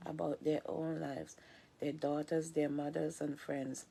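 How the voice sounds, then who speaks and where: Woman vlogger, low gravelly voice, reads aloud slowly, stumbles and restarts words. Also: little pitch movement, mellow. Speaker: vlogger reading a book aloud. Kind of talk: slow reading aloud.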